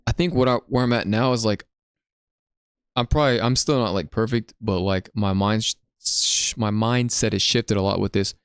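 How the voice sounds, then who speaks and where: A young man hosting a podcast, telling stories in a casual, slangy, animated way. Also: fairly low pitch, moderate pace, smooth, no room sound, clean studio sound. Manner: slangy, animated storytelling with lots of "bro". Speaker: podcast host. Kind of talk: casual chat.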